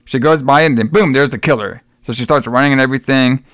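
A man's voice: mid-range voice, fast talker, fairly bright tone, no echo, studio quality. Swearing, rambling man recapping a movie. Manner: rambling, swears a lot, laughs often, acts out characters. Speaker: podcast co-host recapping a movie. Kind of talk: casual profane chat.

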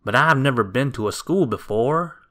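Mister Impossible, a man doing a calm, modest magical little fellow. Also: mid-range voice, moderate pace, pitched above the performer's own voice. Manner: calm, modest, matter-of-fact. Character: small magical male being who can do anything.

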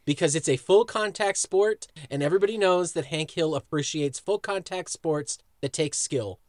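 A man's voice: on the high side, normal speed, a little mellow, no echo, clean studio sound. A man co-hosting a casual podcast, giving blunt, profane opinions. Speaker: podcast co-host.

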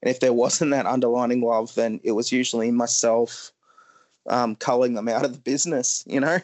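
A man's voice: mid-range voice, steady tone, moderate pace, darkish tone, no echo. A man, a guest on a podcast, talking casually in a rambling, blunt, profane way with many fillers.

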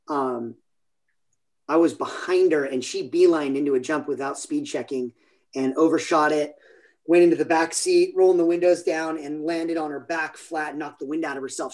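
His pitch sits fairly high and his tone is somewhat dark, with a moderate pace. A forties-aged podcast guest from California, he wanders through stories during a relaxed interview chat, cutting himself off as he goes.

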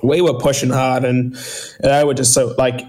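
A man, talking as a guest in a casual interview, halting and full of fillers and restarts. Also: mid-range voice, level tone, darkish tone. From New Zealand. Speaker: guest athlete. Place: in bed at home.

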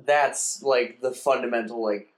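A man in casual conversation, animatedly retelling a film's plot and briefly acting out the characters in quick put-on voices. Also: mid-range voice, fairly even intonation. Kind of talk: casual chat.

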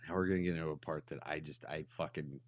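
A man from Texas co-hosting a podcast, recapping a movie in animated, profane casual banter and laughing often. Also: rumbling low, moderate pace, dry recording. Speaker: podcast co-host.

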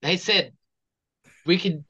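A man's voice: high-pitched, takes it slowly, bright, forceful tone, breathy edge. A man co-hosting a casual podcast, joking and poking fun at himself. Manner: joking, self-mocking. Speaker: podcast co-host. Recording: slightly dull lo-fi mic.

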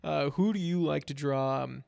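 A man's voice: fairly high pitch, normal speed, creaky, smooth. A man in his twenties hosting a casual chat, telling stories with lots of fillers and swearing. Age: 20s. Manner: animated storyteller, swears freely, many "like" fillers. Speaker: podcast host.

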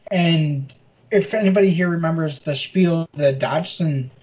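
A man's voice: a little high, a little slow, darkish tone, highs cut off. A man in casual film talk, explaining details from the novels.

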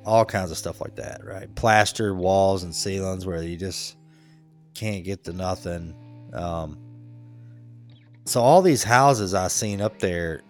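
Laid-back storytelling man, lowish voice. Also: slow, faint music behind. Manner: laid-back, laughs a lot, acts out quotes. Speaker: podcast co-host. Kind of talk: casual storytelling chat.

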